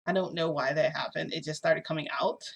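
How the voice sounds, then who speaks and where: A woman telling a long story to her camera in a rambling, animated way, with lots of fillers, filmed indoors at home. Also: sits low, moderate pace, creaky, breathy edge. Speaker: vlogger. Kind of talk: casual storytelling vlog. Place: indoors at home under a bright light.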